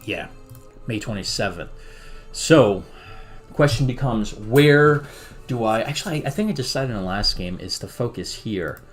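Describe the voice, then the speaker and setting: Man, low voice, casual gameplay commentary, thinking aloud, muttering, faint background music. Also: expressive, moderate pace. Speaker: strategy game streamer.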